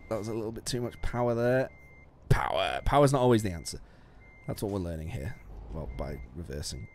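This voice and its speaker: A man's voice: on the low side, lively intonation, brisk, a little hiss or hum. A man casually commenting while playing a game, chatty and self-mocking, swearing often and laughing a lot. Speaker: streamer.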